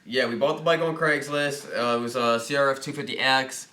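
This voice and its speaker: A man hosting a casual livestream, reading viewer questions aloud and thinking out loud in a rambling, jokey way. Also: mid-range voice, fairly even intonation, brisk, roomy sound. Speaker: host of a motorcycle dealership livestream.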